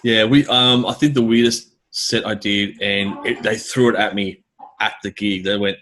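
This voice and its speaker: A man, a gigging drummer, chatting casually and telling animated stories in which he acts out other people's lines. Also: on the low side, moderate pace, a little hiss or hum. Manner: animated storyteller, mimics voices. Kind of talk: casual chat.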